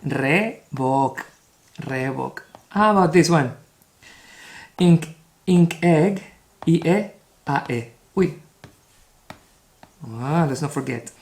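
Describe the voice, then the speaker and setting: A man's voice: on the high side, slow pace, long pauses, a little mellow. A man from Spain with a Spanish accent teaching a beginners' video lesson, encouraging and drilling sounds by repeating them. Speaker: language teacher.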